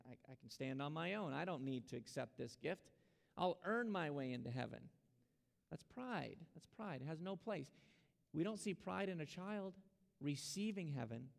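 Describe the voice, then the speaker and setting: A male pastor preaches earnestly and urges his congregation on, his voice gravelly and a touch high. The sermon carries a long reverb from a church sanctuary. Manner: earnest preaching, urging and exhorting.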